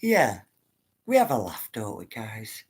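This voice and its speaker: A woman's voice: a bass voice, wildly swooping pitch, measured pace, a little mellow, husky. A woman hosting a casual livestream, chatting to her viewers in a rambling way and reading their comments aloud. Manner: chatty, rambling, addresses viewers as guys and love.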